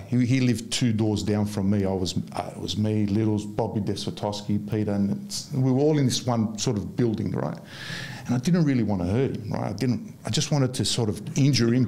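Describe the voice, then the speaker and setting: Aussie bloke with a gravelly voice telling old footy yarns, laughs a lot. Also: male voice, fairly low pitch. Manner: animated, laughing while telling anecdotes. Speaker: former soccer player, guest. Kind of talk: casual storytelling.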